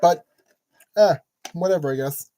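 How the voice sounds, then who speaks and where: A man's voice: on the high side, a little slow, mellow. A man hosting a casual build tutorial, chatty and jokey, talking to himself as he works. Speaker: channel host giving building instructions.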